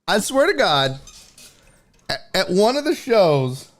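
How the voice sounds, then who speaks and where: A man's voice: high voice, big pitch swings, slow pace. A male comedian and podcast host telling a story in casual chat, profane and exclaiming.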